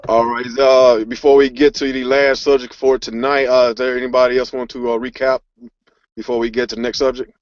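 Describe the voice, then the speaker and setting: A man's voice: mid-range voice, little pitch movement, fairly quick, no echo. A man hosting a casual podcast, ranting angrily with a lot of swearing. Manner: profane angry ranting. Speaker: podcast host. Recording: dry, muffled lo-fi audio.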